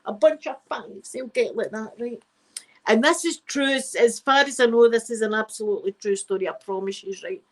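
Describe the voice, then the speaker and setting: A woman's voice: fairly high pitch, fairly quick, rough recording. A middle-aged Scottish woman, the channel host, telling a rambling, frank story in a casual live stream and swearing freely.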